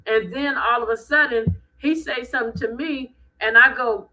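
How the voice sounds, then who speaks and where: Bright, blunt woman ranting on a live stream. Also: on the high side, moderate pace, poor audio. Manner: animated, blunt, preachy ranting. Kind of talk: casual live-stream commentary.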